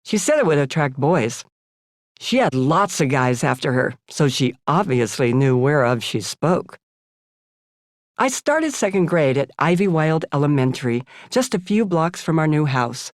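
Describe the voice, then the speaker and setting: A woman's voice: low voice, sing-song, unhurried, no echo. A woman in her seventies from the United States, reading her own memoir aloud in a frank, sardonic audiobook style on a studio microphone. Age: 70s. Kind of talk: audiobook narration.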